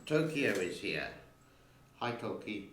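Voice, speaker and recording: A man's voice: lowish voice, very animated, slow pace, fairly bright tone, roomy sound. A man hosting a casual vlog from his home studio, chatting in a rambling way and talking to his cat between points. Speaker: channel host.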